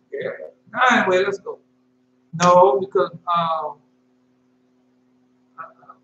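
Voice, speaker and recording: High-pitched guy, loose casual preaching, roomy echo, dull lo-fi sound w/ faint hum. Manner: reads verses slowly and loudly, then explains in loose casual talk. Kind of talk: informal scripture teaching.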